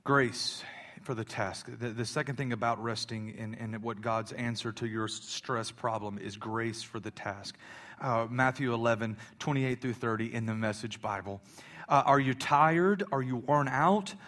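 A pastor preaching a sermon in a casual, joking storytelling way. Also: male voice, on the low side, steady tone, normal speed, a bit bright.

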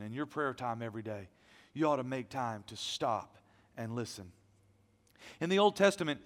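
A pastor preaching a sermon, animated, moving between loud emphasis and hushed asides. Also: male voice, medium pitch, in a large hall.

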